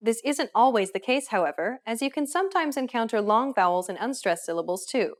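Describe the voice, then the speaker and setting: A woman reading a scripted pronunciation lesson in a clear, explanatory manner. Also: fairly high pitch, animated, quick pace. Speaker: language teacher. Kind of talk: scripted instructional narration.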